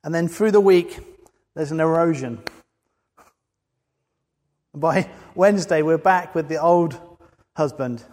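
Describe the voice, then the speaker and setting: A preacher with a voice a little high for a man delivers his sermon slowly and with earnest conviction, rising to emphatic peaks. His tone is darkish, he leaves long pauses, and a large hall gives the sound a long reverb.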